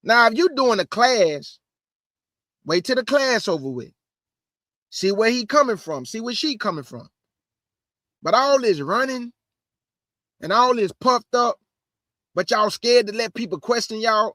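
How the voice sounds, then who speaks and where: An online Bible teacher delivers a livestream sermon, talking fast, emphatically and conversationally while repeating phrases. His high male voice is expressive, pushed and bright, recorded dry on a close microphone.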